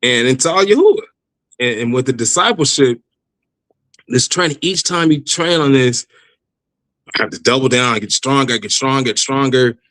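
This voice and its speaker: A man telling his personal faith testimony in a casual interview, animated, laughing often and restarting his sentences. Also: mid-range voice, moderate pace, long pauses, no echo, low-quality recording. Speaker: guest giving testimony.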